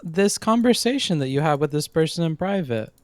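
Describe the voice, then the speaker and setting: A man's voice: a little high, lively intonation, brisk, no room sound. Male caller, hesitant and questioning, dry close recording. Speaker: call-in guest. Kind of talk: casual voice chat.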